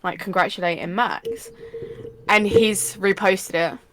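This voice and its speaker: A woman co-hosting a casual podcast, telling a story in an animated way, swearing and laughing. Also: medium pitch, measured pace, poor audio. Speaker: podcast co-host. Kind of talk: casual chat.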